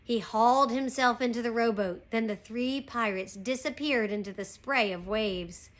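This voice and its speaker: A woman teacher reading a chapter book aloud to her class, slow and expressive. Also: a little high, heavy background noise. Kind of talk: storybook read-aloud.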